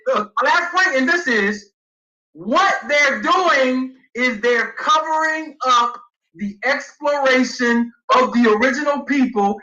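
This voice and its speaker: A high-pitched man with a very bright, piercing voice lectures emphatically, reading passages aloud and pressing each point. He sounds roomy and echoey, and the stream audio is dull and lo-fi. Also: slow. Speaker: guest speaker. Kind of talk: livestream debate lecture.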